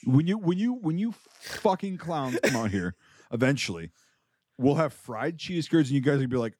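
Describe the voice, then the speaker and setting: A man's voice: a little high, big pitch swings, moderate pace, no echo. A man from Wisconsin, co-hosting a casual film podcast, ranting in mock anger and swearing heavily. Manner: loud, heavy swearing, mock-angry ranting. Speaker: podcast co-host.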